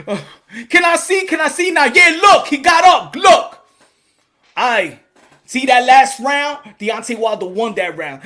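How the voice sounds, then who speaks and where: A man hosting a boxing channel on a live stream, loud, rowdy and swaggering, who breaks into Spanish. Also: very high-pitched, expressive, a little slow.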